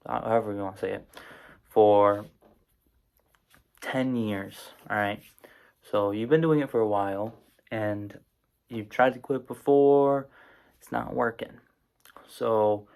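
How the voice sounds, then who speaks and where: A man's voice: on the low side, vocal fry, a little mellow. A man giving an informal spoken explainer, casual and rambling, with many fillers and restarts. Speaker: presenter explaining psychoactive drugs.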